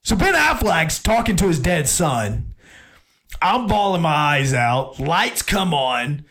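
A man with a high voice that swings widely up and down, talking casually as a sports show host. He rambles through a story, stumbling and restarting his sentences as he goes. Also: slow pace. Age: adult. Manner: rambling, animated, many restarts.

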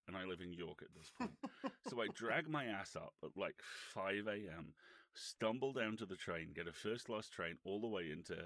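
A man's voice: sits low, creaky, fairly bright tone, no echo. A man, a podcast co-host, telling a rambling, sweary anecdote with wry humour.

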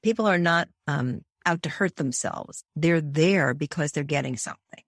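A woman's voice: deep voice, normal speed, no echo, clean studio sound. A woman therapist and author in an interview, telling case stories vividly and acting out the people she quotes. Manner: vivid storyteller who acts out quoted voices.

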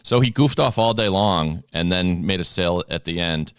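A man's voice: deep voice, moderate pace, clear, resonant tone, no echo, clean studio sound. A man from Boston hosting a podcast, chatting casually and cracking jokes. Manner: jokey and animated, laughs often. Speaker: podcast host. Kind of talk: casual interview chat.

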